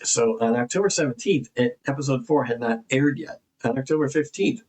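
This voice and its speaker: A man's voice: medium pitch, a little fast, darkish tone, slightly rough, low-quality recording. A man, an investigative journalist, talking in a casual, joking way with lots of fillers and restarts. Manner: informal, joking, rambling with fillers. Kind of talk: casual conversation.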